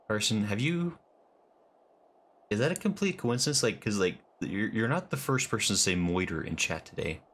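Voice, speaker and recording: A man's voice: fairly low pitch, expressive, moderate pace, fairly bright tone. Playful man streaming a game. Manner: playful, chats with viewers. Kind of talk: casual live-stream commentary.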